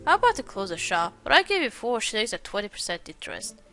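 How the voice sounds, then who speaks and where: A woman's voice: medium pitch, sing-song, quick pace, sharp tone. A woman voicing a grasping, self-pitying male pawnbroker in a detective game, reading his lines aloud. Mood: indignant. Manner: read aloud from on-screen text.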